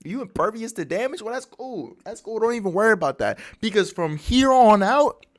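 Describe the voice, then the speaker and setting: A man's voice: high voice, expressive, brisk, voice pushed up. A man voicing a brash young male pirate hero who talks in cocky slang. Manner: boastful, casual slang.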